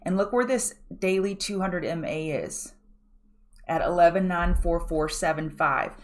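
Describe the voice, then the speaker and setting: A woman's voice: lowish voice, a little slow. A woman hosting a pre-market trading show, walking viewers through charts in a direct, coaching way and often asking them to look at the chart. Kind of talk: live chart analysis walkthrough.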